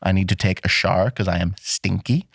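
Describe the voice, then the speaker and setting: A man's voice: deep voice, a little fast, gravelly, a bit bright, dry recording, studio quality. A young Irish man co-hosting a podcast in casual, joking banter, enunciating carefully. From Ireland. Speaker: podcast co-host.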